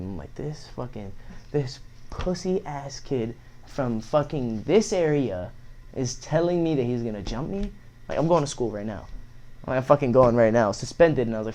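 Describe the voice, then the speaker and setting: A man's voice: medium pitch, a little fast. Profane young man telling a story. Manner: profane, animated storytelling with many fillers. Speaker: podcast guest. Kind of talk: casual storytelling.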